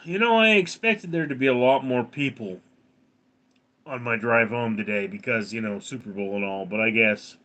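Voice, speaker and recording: A man's voice: mid-range voice, moderate pace, bright, forceful tone. A man with a round, resonant voice, chatting casually on a live stream as he reads viewer comments aloud and answers them.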